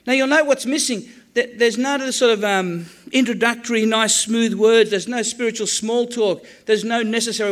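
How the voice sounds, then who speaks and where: A man preaching a sermon on the Psalms, animated, acting out quoted prayers with jokey asides. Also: very high-pitched, normal speed.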